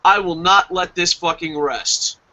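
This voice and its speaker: Brief: high-ish, forceful male reviewer, profane fanboy rant, muffled lo-fi sound. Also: unhurried, a loud crowd. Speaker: wrestling show reviewer. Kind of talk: casual chat.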